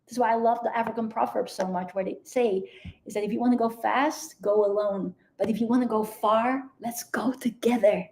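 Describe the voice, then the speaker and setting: A woman's voice: on the high side, fairly even intonation, moderate pace, a little mellow, a little hiss or hum. A woman mentor speaking on a motivational live video, earnest and emphatic, often repeating her key phrases.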